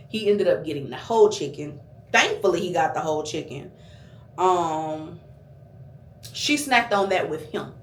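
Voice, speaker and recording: A woman vlogger telling a restaurant story as a casual, profane, animated rant. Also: fairly low pitch, echoey room, a little hiss or hum.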